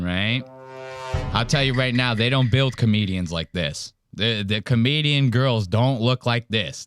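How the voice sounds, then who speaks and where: A man's voice: medium pitch, dry recording, studio quality. A man hosting a podcast, reacting to clips in a casual, profane, wry way. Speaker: podcast host.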